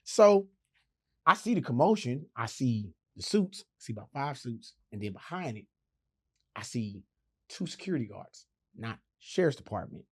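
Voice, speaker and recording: A male comedian telling a wild story on a podcast in an animated, profane way, acting out the voices in it. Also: mid-range voice, moderate pace, husky. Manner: animated, profane, acts out the voices in his stories.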